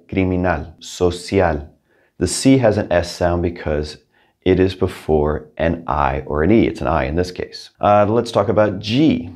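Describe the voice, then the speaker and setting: Male language teacher, deep voice, patient and clear, slow repeated example words. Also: a little mellow. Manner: patient, clear, repeats each word twice. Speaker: Spanish teacher. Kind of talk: scripted language lesson.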